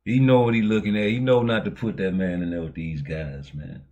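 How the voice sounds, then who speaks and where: A man hosting a boxing talk show in loose, casual chat. His slangy, profane delivery is animated and sits a touch low in pitch. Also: fairly quick, muffled recording.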